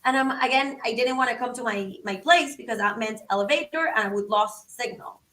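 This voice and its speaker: Chatty excited woman, high bright voice, kinda far from the mic in an echoey room. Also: fairly quick, slight background noise. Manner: animated, excitable, acts out quotes, many "like"s. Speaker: podcast guest. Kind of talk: casual storytelling.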